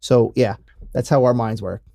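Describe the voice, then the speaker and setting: A man's voice: mid-range voice, fairly even intonation, mellow, dry recording, studio quality. Rambling, profane man co-hosting a podcast. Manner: rambling, profane, quick to laugh. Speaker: podcast co-host. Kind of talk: casual chat.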